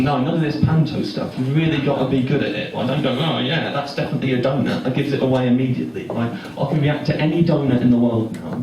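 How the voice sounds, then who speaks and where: Rambling young stand-up, echoey room. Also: male voice, medium pitch. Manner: rambling, self-interrupting, awkward deadpan. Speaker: stand-up comedian. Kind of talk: stand-up storytelling. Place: comedy club stage with audience laughing. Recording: echoey live room recorded from far off with noise.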